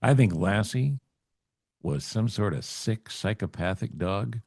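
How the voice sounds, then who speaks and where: A male host chatting with a guest over a video call, joking in a playful deadpan way. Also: lowish voice, a little slow, vocal fry, slightly rough, no echo, studio quality. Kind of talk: casual chat.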